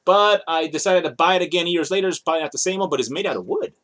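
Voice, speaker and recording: A man's voice: on the high side, very fast, a bit bright. A man in his thirties rambling casually in a show-and-tell vlog, showing off his toys and often correcting himself mid-sentence. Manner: rambling, chatty, self-correcting. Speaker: toy collector vlogger.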